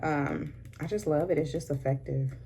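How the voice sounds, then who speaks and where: Casting note: sassy woman in her thirties, low gravelly voice, dark mellow tone, casual makeup vlog with a faint hiss behind. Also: normal speed. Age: 30s. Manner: chatty, sassy, says "honey" a lot. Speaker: beauty vlogger.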